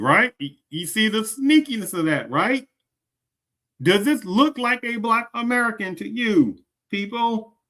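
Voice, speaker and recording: A man's voice: high-pitched, pushed and bright. A man hosting a commentary show, reacting to a clip and asking his audience repeated rhetorical questions. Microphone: streaming setup.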